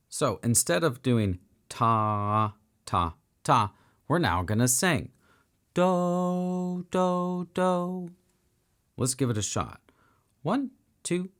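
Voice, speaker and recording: A man teaching a beginner piano lesson for children, upbeat and encouraging as he counts and sings along. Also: medium pitch.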